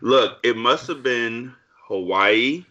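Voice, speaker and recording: A man's voice: mid-range voice, animated, slow, sharp tone, dull audio, a little hiss or hum. A man co-hosting a casual movie review chat, ranting bluntly with emphatic profanity. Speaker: podcast co-host.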